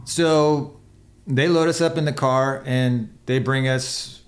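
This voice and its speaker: A man's voice: medium pitch, steady tone, takes it slowly. A man who is a podcast guest and former motocross racer, telling a long, rambling, profane story in casual chat and acting out the quotes.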